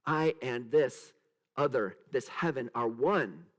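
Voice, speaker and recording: A man's voice: medium pitch, takes it slowly. A male pastor giving a sermon, searching for words and acting out quotes in a raised voice, leading the congregation in repeating phrases. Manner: animated, acts out quotes in a raised voice; searching, with many restarts and trailing asides.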